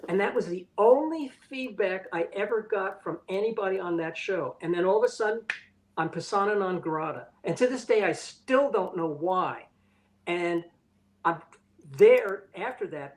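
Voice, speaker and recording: A man's voice: high voice, normal speed, poor audio. An older man, an animation director, telling candid stories in an interview with a blunt, profane manner, acting out what others said. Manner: blunt, profane, acts out quoted dialogue.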